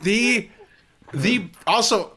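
A man hosting a podcast, telling a story in a lively way and laughing mid-sentence. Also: high-pitched, extremely slow. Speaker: podcast host. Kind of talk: casual chat.

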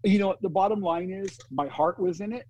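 A man, a music booking agent, telling an animated story in an interview and acting out what people said. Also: sits high, fairly quick, muffled recording, a crowd in the background. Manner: animated anecdote teller, acts out quotes.

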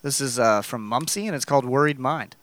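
A man hosting a podcast casually, tossing in jokes and quick questions. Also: medium pitch, fairly bright tone, slight background noise. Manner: joking interjections, playful voices for quips. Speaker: podcast host. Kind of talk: casual chat.

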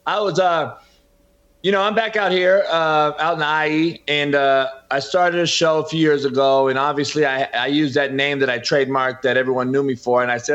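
This interview guest, a middle-aged football coach and podcaster, talks with passion and emphasis, regularly addressing the host by name. His voice is medium-pitched, steady, moderately paced and a touch bright, and the audio is dull lo-fi.

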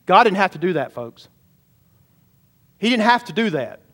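High-voiced man preaching emphatically. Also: sing-song, normal speed, a bit bright. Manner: emphatic, often calling out questions to the congregation. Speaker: pastor. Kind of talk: sermon.

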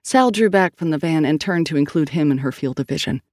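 A woman's voice: low-pitched, lively intonation, brisk, a little mellow, dry recording, clean studio sound. A woman narrating a novel in clipped, terse scripted storytelling. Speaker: audiobook narrator.

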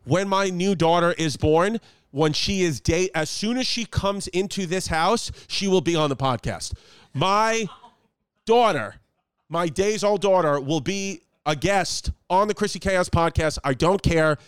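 A man in his thirties, a comedian, hosts a laid-back podcast from his home apartment, rambling, joking and swearing plenty. His voice is high-pitched and unhurried, with a clean tone and no echo.

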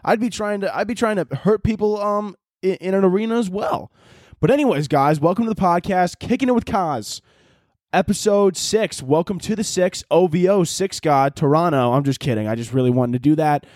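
A man's voice: high voice, animated, a little fast, a little mellow, no room sound, studio quality. A man hosting his own podcast, rambling and joking with lots of swearing. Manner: rambling, profane, jokey, self-interrupting. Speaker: podcast host. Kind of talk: casual solo podcast chat.

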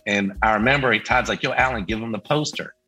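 A middle-aged man spins a story in a casual chat and jumps into the voices of the people he quotes. His tone is bright and forceful with a husky edge, and faint music plays behind him. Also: fairly low pitch, brisk, rough recording. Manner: lively, acts out quoted voices. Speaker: band member guest.

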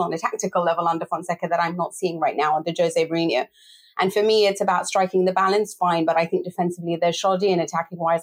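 Fast-talking exasperated woman football host. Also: fairly low pitch. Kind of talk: casual podcast discussion.

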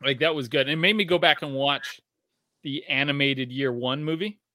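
A man's voice: mid-range voice, normal speed, sharp tone, no echo. A man co-hosting a casual podcast from his garage, rambling and swearing casually as he trails off and restarts. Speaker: podcast co-host. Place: home garage.

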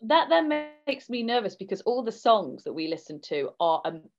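A woman's voice: medium pitch, big pitch swings, normal speed, faint music behind. A woman co-hosting a parenting podcast, asking curious questions and laughing easily. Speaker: podcast co-host. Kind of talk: casual podcast chat. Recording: slightly dull sound.

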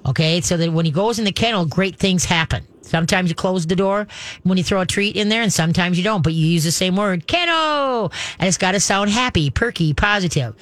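A woman's voice: fairly low pitch, fast, dry recording. A woman hosting a call-in radio show, chatting, giggling and rambling through advice for a caller.

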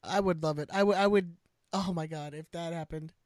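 A man's voice: fairly high pitch, steady tone, brisk, no echo, studio quality. A man co-hosting a casual podcast, chiming in with eager, jokey remarks. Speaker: podcast co-host.

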